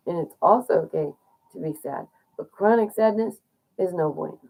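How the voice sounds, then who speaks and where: Mellow-voiced woman giving chatty encouragement. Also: on the low side, normal speed, gravelly, low-quality recording. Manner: chatty, encouraging, laughs often, uses fillers. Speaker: vlogger. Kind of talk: casual talk to viewers about loneliness.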